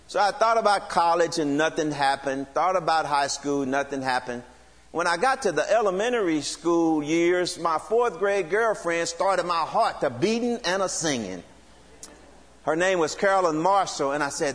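A man's voice: on the high side, moderate pace, in a large hall. A middle-aged man giving a humorous testimony at church, acting out the voices in his story. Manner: animated, acts out quoted voices.

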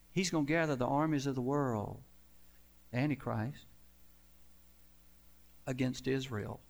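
A man, a pastor, preaching a sermon with emphatic swells and drawn-out, falling endings. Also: mid-range voice, gravelly, darkish tone.

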